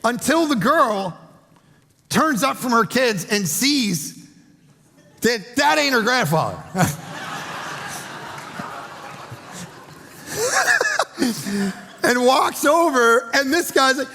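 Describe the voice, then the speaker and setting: Pastor preaching with gravelly voice, reverberant hall. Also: male voice, very high-pitched, extremely slow, pauses often, slight background noise. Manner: animated storytelling, acting out voices. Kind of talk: sermon. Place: large church auditorium. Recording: long hall reverb with faint music.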